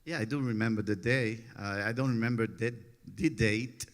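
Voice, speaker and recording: A man, telling stories in a relaxed interview, often laughing and getting animated when he quotes others. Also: fairly low pitch, moderate pace. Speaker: interview guest, former pitcher.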